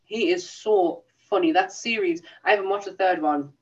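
A woman co-hosting a casual podcast chat, enthusiastic and quick to laugh. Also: on the low side, darkish tone. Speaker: podcast co-host. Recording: distant, dull lo-fi sound.

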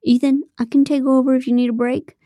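A woman's voice: sits high, level tone, fairly quick, warm tone, no echo, clean studio sound, voice pushed up, close to an everyday voice. Woman reading as a smarmy, fawning young man. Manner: cooing and fawning.

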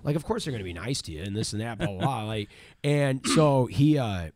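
A man telling a true-crime story in a casual chat, rambling and repeating words as he goes. He swears freely, and his pitch sits in a middle register. The recording is dry and close. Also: animated, fairly quick, darkish tone, dry recording. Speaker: podcast host, storyteller.

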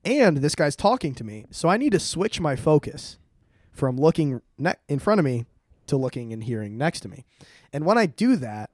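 A young man in casual podcast chat, telling a rambling, animated story and swearing often. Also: on the high side, normal speed, no echo, clean studio sound. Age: young adult. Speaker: podcast co-host.

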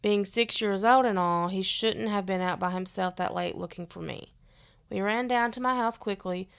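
A woman reads eerie listener stories aloud on a podcast. Her voice sounds smooth and clear, and her delivery stays steady and earnest. Her pitch sits in the middle range. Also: normal speed. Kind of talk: reading stories aloud, casual chat.

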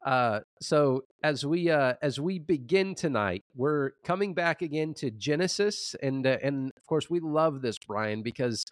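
A man co-hosting a scholarly debate show, presenting his position in a measured way with frequent restarts. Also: mid-range voice, lively intonation, no room sound. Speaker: co-host, Old Testament scholar.

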